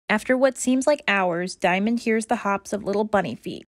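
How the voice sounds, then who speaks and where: Expressive woman reading stories to kids. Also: medium pitch, normal speed, dry recording, studio quality. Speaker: children's story reader. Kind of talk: read-aloud storytelling.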